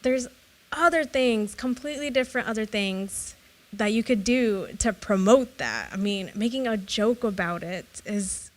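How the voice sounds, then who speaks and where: A woman's voice: medium pitch, a little slow. A young woman co-hosting a podcast, chatting casually and telling stories animatedly with frequent laughter. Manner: animated storyteller, laughs often. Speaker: podcast co-host. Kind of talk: casual chat.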